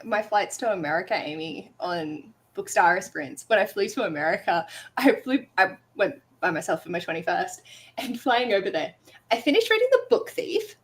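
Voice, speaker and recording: A young woman on a video call, telling stories in a lively, dramatic way. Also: mid-range voice, moderate pace. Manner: animated storyteller, dramatic retellings. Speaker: readathon co-host. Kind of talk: casual video call chat.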